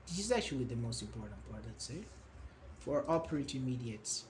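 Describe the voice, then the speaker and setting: A man's voice: medium pitch, expressive, brisk, darkish tone, slight background noise. A man teaching an online grammar class, patiently explaining with examples and praising his students. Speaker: English teacher.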